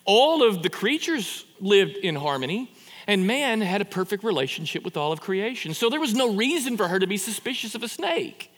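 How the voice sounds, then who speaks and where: Brief: male pastor, sermon, lively up-and-down delivery, reverberant hall. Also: sits high, moderate pace. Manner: animated, conversational preaching with rhetorical questions and repeated restarts.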